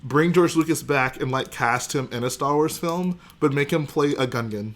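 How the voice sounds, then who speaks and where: A man's voice: mid-range voice, moderate pace, a little hiss or hum. A young man hosting a casual livestream, joking and chatting with his viewers. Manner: joking, chatty, responds to chat. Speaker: livestream host.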